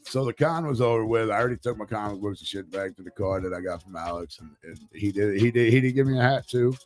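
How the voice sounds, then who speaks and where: Low-voiced man telling a profane story. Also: fast talker. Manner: profane, rambling, animated retelling. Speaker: podcast co-host. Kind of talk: casual storytelling chat.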